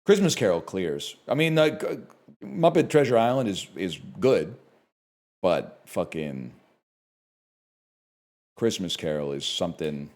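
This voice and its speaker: A man's voice: deep voice, measured pace, long pauses. A man from Canada chatting live on his stream, ranting and swearing at his chat. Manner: animated, profane ranting to chat.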